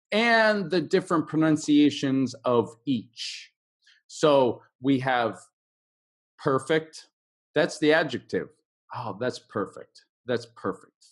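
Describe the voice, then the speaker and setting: A middle-aged man teaching English in an online lesson, drilling word stress with slow, drawn-out repetitions. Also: medium pitch.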